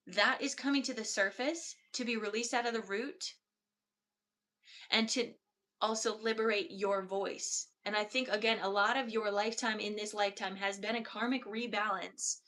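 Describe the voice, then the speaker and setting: A woman energy healer giving a slow, soft-spoken, meditative channeled reading. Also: mid-range voice, steady tone.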